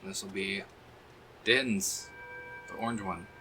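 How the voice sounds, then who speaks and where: A man with a lowish voice and a bright, forceful edge talks his way through a game stream. He rambles, thinks aloud and curses freely. A faint hum of noise sits behind him. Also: fairly even intonation, slow. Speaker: streamer playing a video game. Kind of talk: casual gameplay commentary.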